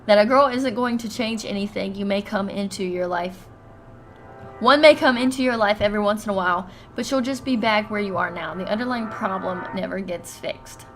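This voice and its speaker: A woman's voice: medium pitch, normal speed, fairly bright tone, soft background music, lightly acted. A woman voicing a cruel, contemptuous woman on a blind date, reading the game's dialogue aloud with harsh, scornful insults. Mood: cold.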